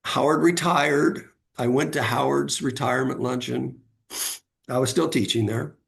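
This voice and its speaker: Gravelly man telling stories. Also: medium pitch, a little slow, a bit bright. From California. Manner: anecdotal, acts out quoted voices, frequent fillers. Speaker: guest author. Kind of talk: storytelling interview.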